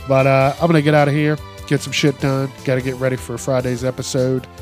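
A man's voice: mid-range voice, monotone, a little fast, soft background music. Profane, laughing male podcast host. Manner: profane, laughs often, rambling storyteller. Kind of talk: casual comedic monologue.

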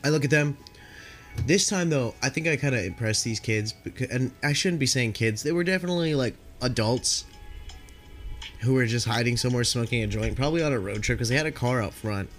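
A man's voice: medium pitch, a little fast, soft background music. A man casually telling rambling stories from his night shift at a store, laid-back and swearing a lot, sniffling from allergies. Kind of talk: casual storytelling.

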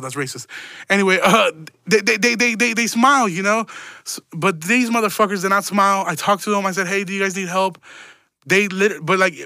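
Young male podcast host, high voice, profane rambling rant, bone-dry close sound. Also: a little fast, sharp tone, dry recording. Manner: rambling, profane, stumbling repeats. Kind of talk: casual solo podcast rant.

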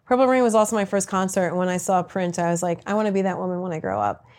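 A woman comedian answering rapid-fire interview questions with brash, crude, self-mocking punchlines. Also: lowish voice, animated, darkish tone.

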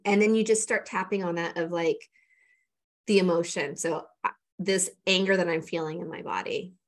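A woman's voice: lowish voice, steady tone, moderate pace. A woman, a coach, casually explaining and demonstrating a tapping routine step by step, with plenty of fillers. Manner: conversational, walks through steps with many fillers. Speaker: energy coach guest.

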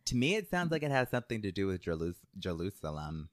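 A woman chatting on a podcast with her sisters, her voice rising and falling in lively swoops. She teases and trails off into fillers as she searches for words. The sound is close and dry. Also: extremely low pitch, fast talker, no echo. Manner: animated, teasing, lots of "like" restarts. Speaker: podcast co-host. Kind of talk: casual chat among sisters.

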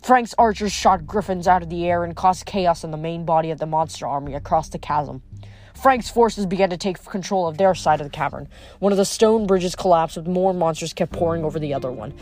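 A reader narrating a novel aloud at a steady, even pace, with small slips corrected on the fly. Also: mid-range voice, brisk. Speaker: audiobook reader.

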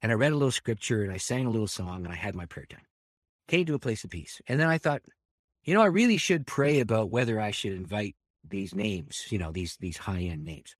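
A man, a pastor, telling a personal story with lots of laughter, dropping to a hush and then rising loud and excited. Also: lowish voice, fairly quick, dry recording, clean studio sound. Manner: animated storyteller, laughs often, swings between hushed and loud. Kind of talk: storytelling testimony.

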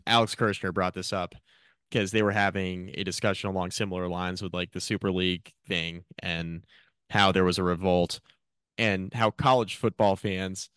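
A man's voice: deep voice, a bit bright, clear, resonant tone, no echo, clean studio sound. A man co-hosting a casual sports podcast in a wry, matter-of-fact way. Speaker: podcast co-host.

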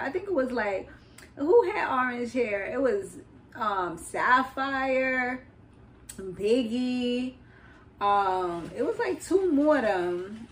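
A young woman hosting a podcast, casually recapping a reality show in an animated, slangy way, laughing often and wandering into side notes. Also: on the high side, a little hiss or hum, low-quality recording. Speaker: podcast host.

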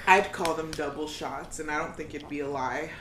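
A guest on a casual podcast, trading wry, drawn-out remarks that are full of swearing. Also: mid-range voice, fairly even intonation, a crowd in the background. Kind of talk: casual chat. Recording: echoey room with clear background noise.

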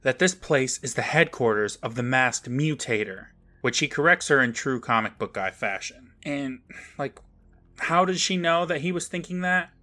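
A man's voice: mid-range voice, animated, moderate pace, sharp tone. A man co-hosting a podcast, recapping an episode with sarcastic asides. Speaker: podcast co-host. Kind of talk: casual recap chat.

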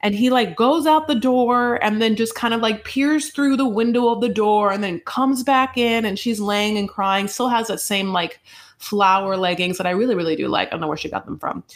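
Animated woman retelling a show. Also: medium pitch, moderate pace. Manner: animated storyteller, lots of "like" and asides. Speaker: podcast co-host. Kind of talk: casual TV recap chat.

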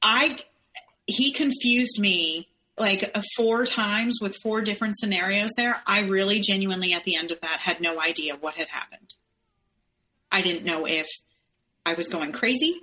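A woman's voice: mid-range voice, moderate pace, pushed and bright, poor audio. A woman, a podcast guest, telling a personal story step by step in the present tense.

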